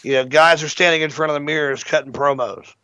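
A man's voice: on the high side, fast, clear, resonant tone, no echo. A man hosting an internet radio show, telling a long story casually and with plenty of swearing. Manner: profane, animated anecdote teller. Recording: dull lo-fi internet radio audio.

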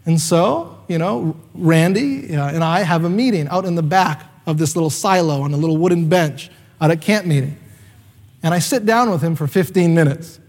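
A man's voice: a little high, moderate pace, darkish tone, long reverb tail. A man in his thirties, a pastor, preaching a sermon as a chatty personal story, with fillers and acted-out quotes.

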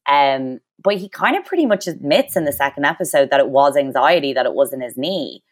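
A woman's voice: a bass voice, lively intonation, fairly quick. A young woman from Dublin with an Irish accent, chatting as a podcast guest, rambling with fillers and restarts. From Ireland. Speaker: guest, former reality show crew member. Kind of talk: casual podcast chat.

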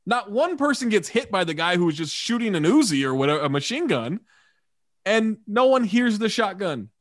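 A man's voice: high voice, sing-song, normal speed, no echo. Wry man recapping plot, dry mic. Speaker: podcast host. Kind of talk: casual movie chat, plot recap.

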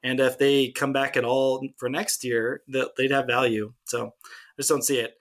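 A man hosting a casual sports podcast, chatting and joking with quick asides. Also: medium pitch, level tone, fairly bright tone. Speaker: podcast host. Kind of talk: casual chat.

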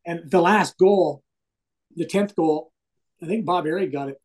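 A middle-aged man, a hockey broadcaster and interview guest, telling stories in a casual, animated way and swearing freely. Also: on the high side, measured pace, poor audio.

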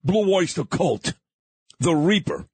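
Brash New York radio host. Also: male voice, fairly high pitch, very animated, takes it slowly, darkish tone, breathy edge, dry recording. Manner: brash, boastful, joking. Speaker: radio morning show host. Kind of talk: casual radio banter. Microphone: studio microphone.

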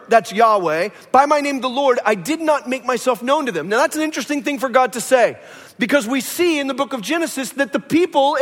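This is a pastor in mid-sermon, a man with a notably high voice who tells stories with animation. He jumps between a plain speaking tone and acted quotations of the people in his stories. The sound carries a long, lingering reverb, as from a large church sanctuary. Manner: animated storytelling, acts out quoted voices.

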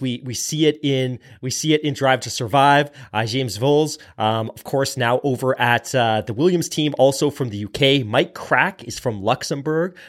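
Male podcast co-host, measured and explanatory, mid pitch. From not American. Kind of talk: casual podcast chat.

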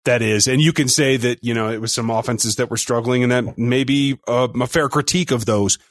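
A man co-hosts a sports podcast in a casual, upbeat way. His voice sits mid-pitch and moves along quickly. The sound is dry and close to the mic. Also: no room sound. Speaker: podcast co-host.

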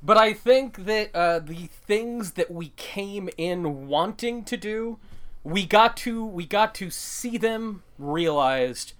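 A man co-hosting a podcast in casual chat, animated and jokey, laughing often. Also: sits high, slow. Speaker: podcast co-host.

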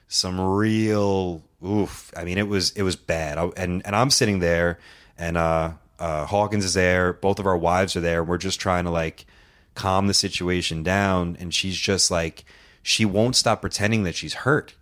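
A man's voice: sits low, fairly even intonation, a little slow, fairly bright tone. A man on a casual podcast, telling a rambling story with lots of swearing and acted-out quotes.

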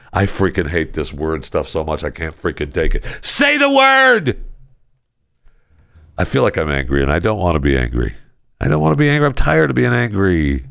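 A man's voice: lowish voice, creaky, clear, resonant tone, no room sound, studio quality. A man hosting a talk show, ranting in a casual, sarcastic and exasperated way. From United States.

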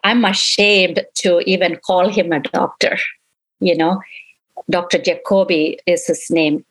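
A grieving middle-aged mother slowly and emotionally recounts events in an interview, quoting what others told her. Her voice sits fairly low with fairly even intonation, and the audio quality is poor.

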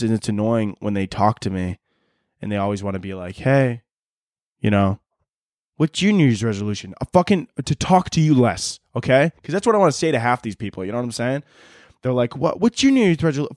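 A man's voice: medium pitch, darkish tone, no room sound, clean studio sound. A young man hosting a podcast, ranting casually and sarcastically with lots of swearing. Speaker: podcast host. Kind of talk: casual solo rant.

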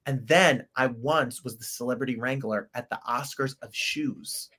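A man's voice: mid-range voice, normal speed, bright, forceful tone. A man from England with a put-on American accent co-hosts a casual podcast chat. He is playful and theatrical, tossing in silly asides and mock-dramatic words. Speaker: podcast co-host.

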